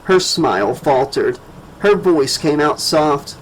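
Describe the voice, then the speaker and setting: A male audiobook narrator with a slightly raised voice reads in a slow, measured and dramatic way. A faint hum of ambience runs behind him. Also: fairly high pitch, animated, rough recording. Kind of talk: scripted narration.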